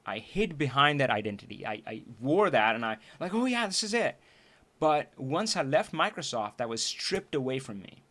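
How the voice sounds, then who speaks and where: A man hosting a casual livestream for viewers, talking earnestly and reflectively, often restarting and laughing, his voice going hoarse. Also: medium pitch, animated, normal speed, hardly any pauses, fairly bright tone. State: losing his voice. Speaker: livestream trainer and host. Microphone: streaming setup.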